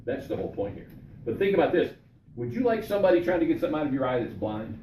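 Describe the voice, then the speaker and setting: A man's voice: on the high side, sing-song, racing, warm tone, slight background noise. A man leading a Bible study as pastor, talking conversationally, repeating himself and checking in with his listeners. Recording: echoey room from far off.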